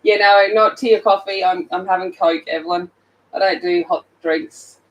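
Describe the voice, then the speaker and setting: Colouring during a casual phone livestream, a just-woken, sleepy Australian woman chats with viewers and says hello to them by name. Her lowish voice is steady and at normal speed, captured on a rough recording.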